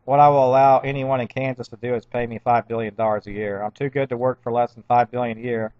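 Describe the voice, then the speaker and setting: A man's voice: mid-range voice, level tone, fast, no echo, muffled recording. A man in his fifties telling a long, agitated, rambling personal story, stumbling and restarting his sentences often.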